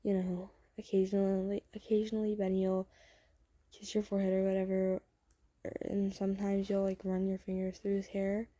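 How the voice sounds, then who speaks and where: A woman's voice: mid-range voice, monotone, a little fast, dark tone, no echo. A woman casually telling a second-person fan story, rambling and correcting herself with many fillers. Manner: rambling, lots of "like" and self-corrections. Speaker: storyteller and channel host.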